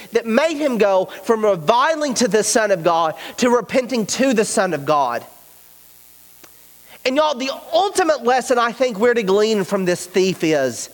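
High-voiced preacher in a reverberant hall. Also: male voice. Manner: earnest, emphatic preaching. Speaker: pastor. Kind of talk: sermon.

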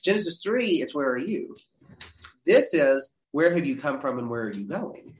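A man teaching a Bible class, reading verses aloud with dramatic leaps in pitch. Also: sing-song, normal speed, slight background noise. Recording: roomy echo.

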